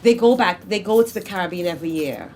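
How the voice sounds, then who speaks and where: A woman poet answering questions at a literary event, telling lively stories and acting out family voices. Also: lowish voice, quick pace, a little hiss or hum. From Britain, of Grenadian family. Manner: animated storytelling, acts out family voices. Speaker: poet in conversation. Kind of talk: casual literary Q&A talk.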